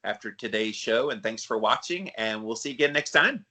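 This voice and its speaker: A man's voice: on the low side, expressive, fairly quick, pushed and bright. A man with a polished South Carolina Southern accent, co-hosting a casual podcast in a friendly, chatty way with plenty of fillers. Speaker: podcast co-host.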